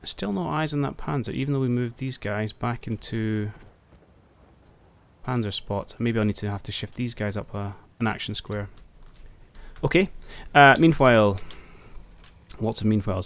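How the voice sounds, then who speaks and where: A man's voice: mid-range voice, normal speed, darkish tone. A man commentating his own strategy game, thinking aloud and talking to his units. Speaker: gameplay commentator. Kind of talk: casual let's-play commentary.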